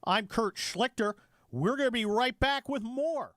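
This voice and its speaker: A man's voice: very high-pitched, measured pace, a bit bright, no echo. Fervent talk-radio man, dry studio sound. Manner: fervent, heated, many restarts. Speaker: guest radio host.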